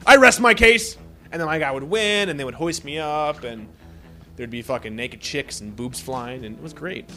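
A man co-hosting a podcast, joking crudely and teasing his co-host in animated, vulgar banter. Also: medium pitch, moderate pace, soft background music.

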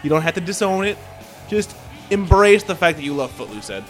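A man co-hosting a podcast, joking around in loose, profane, animated chat. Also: high-pitched, fairly quick, soft background music. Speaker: podcast co-host. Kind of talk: casual chat.

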